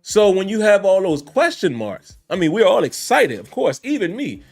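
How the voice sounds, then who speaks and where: A man's voice: sits high, big pitch swings, moderate pace, gravelly, a little mellow, faint music behind. Conversational man hosting a fan podcast. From Richmond. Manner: conversational, addresses listeners directly. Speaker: podcast host. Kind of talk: casual sports commentary.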